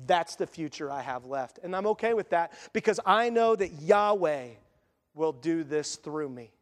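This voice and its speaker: A man's voice: on the high side, lively intonation, normal speed, pitched below the performer's own voice, natural voice. A man preaching a sermon, speaking as a devoted young widow who makes earnest, resolute vows.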